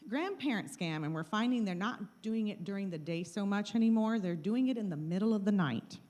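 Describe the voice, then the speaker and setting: A woman's voice: mid-range voice, expressive, brisk, dark tone. Middle-aged woman giving a scam talk live, plain voice, keeps repeating don't click, handheld mic in a meeting room. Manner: plain, repetitive warnings, acts out scam calls. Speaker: presenter of a scam-awareness talk. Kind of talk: live talk to a small audience.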